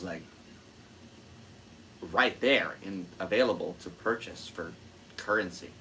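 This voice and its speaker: A man's voice: fairly low pitch, normal speed, a bit bright, a little hiss or hum. A young man and podcast host chatting casually about his stand-up comedy, rambling and full of fillers. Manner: rambling, self-amused, lots of fillers. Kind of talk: casual solo chat.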